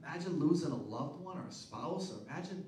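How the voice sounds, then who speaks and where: A high-pitched male pastor preaches, asking the congregation one question after another and rising to loud, emphatic peaks. His voice echoes around a big room, caught from some way off the mic. A faint hum of the room sits underneath. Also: animated, fast, recorded from a distance. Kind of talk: sermon.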